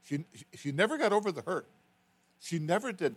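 A man's voice: high voice, big pitch swings, brisk. A man preaching a sermon, telling a personal family story with repetitions and emotional swings, then reading scripture emphatically.

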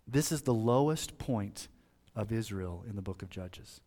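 A man preaching a sermon as pastor, his voice rising sharply on emphasis and dropping low and quiet on grave points. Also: lively intonation, measured pace.

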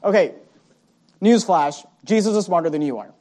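A male pastor preaching a sermon, swinging from loud, punchy lines to quiet asides and mimicking his listeners' excuses. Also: high-pitched, animated, normal speed.

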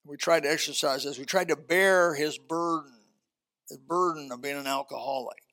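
A man preaching in church with a gravelly, bright, fairly high voice. He talks in a folksy, animated way, with loud emphasis and quiet asides. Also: moderate pace. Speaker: pastor. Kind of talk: sermon.

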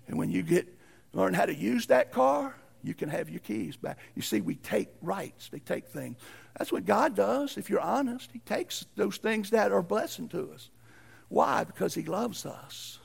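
Gravelly preacher man with a high voice. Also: very animated, normal speed. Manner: preaching with sudden loud shouted peaks and hushed drops; folksy, uses ain't and y'all. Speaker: pastor. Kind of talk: sermon.

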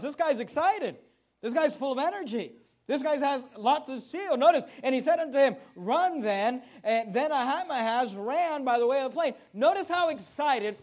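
A male pastor delivering a sermon in a strikingly high voice. He talks emphatically, often repeating words as he presses a point and rising to loud bursts. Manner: repeats words when stressing.

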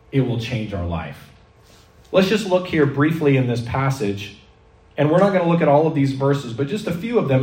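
A man preaching a sermon, telling stories in a lively way and acting out the voices he quotes. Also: mid-range voice. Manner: animated storytelling preacher, acts out quoted voices. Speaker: pastor. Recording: echoey hall, mic at a distance.

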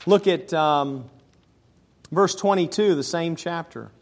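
A man preaching a sermon as a pastor in a church. He shifts between casual asides, personal stories and slower, louder scripture reading. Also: on the high side. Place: church sanctuary.

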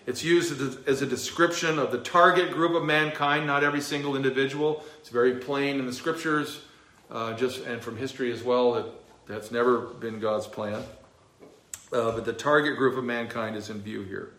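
A man's voice: medium pitch, normal speed, a bit bright, reverberant. A male pastor teaching a verse-by-verse sermon, emphatic, with a few fillers. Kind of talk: expository sermon.

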